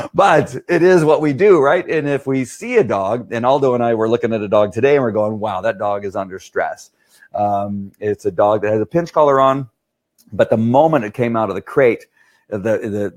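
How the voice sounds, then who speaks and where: A man's voice: lowish voice, a little mellow. Rambling man, dog trainer. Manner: rambling, repeats "right?" often. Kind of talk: casual explanatory talk.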